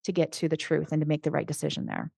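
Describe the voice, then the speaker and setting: This middle-aged woman, a Christian life coach, chats on a podcast with earnest animation and frequent sentence restarts. She talks fast in a low, gravelly voice with a breathy edge, and there's no echo.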